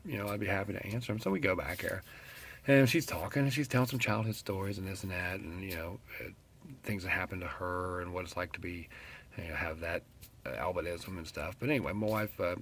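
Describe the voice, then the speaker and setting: A middle-aged West Virginian man rants straight to his viewers in a casual vlog. His voice sits a little low and carries a gravelly rasp. He tells his story bluntly and with plenty of profanity. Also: a little hiss or hum. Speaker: vlogger.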